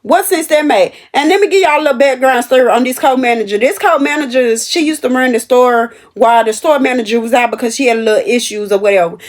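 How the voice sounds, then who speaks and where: Young woman, high voice, animated and emphatic, storytelling vlog straight to viewers. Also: fast, hardly any pauses. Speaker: store cashier telling a work story. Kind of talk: casual storytelling to camera.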